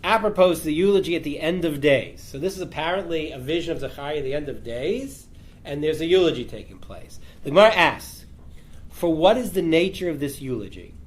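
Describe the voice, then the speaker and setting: A man's voice: a little high, lively intonation, fairly quick. A rabbi teaching a class, reading out a Talmud passage and explaining it with rhetorical questions to his students. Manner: reads the text aloud, then explains it with rhetorical questions.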